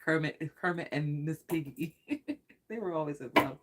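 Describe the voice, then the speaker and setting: Excitable, rambling tarot reader. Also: medium pitch, moderate pace. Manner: excitable and rambling, often laughing and swearing. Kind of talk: casual livestream tarot reading.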